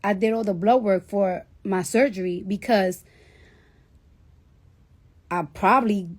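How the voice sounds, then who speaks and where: A woman's voice: mid-range voice, unhurried. A woman, telling a story in casual, profane chat and acting out the voices of the people in it. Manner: profane, animated, acts out quoted voices. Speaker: rapper telling a story to listeners.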